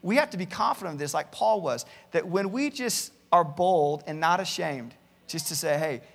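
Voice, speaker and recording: A man's voice: high voice, animated, normal speed, gravelly, fairly bright tone, in a large hall. A male pastor preaching a sermon, earnestly reading out many Bible verses and often repeating words as he starts a thought. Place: church campus, large hall.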